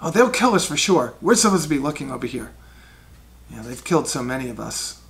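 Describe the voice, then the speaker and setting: A man's voice: mid-range voice, big pitch swings, fairly quick, creaky, fairly bright tone, pitched below the performer's own voice. A man voicing a nervous male goblin guard who speaks in a worried, pleading way.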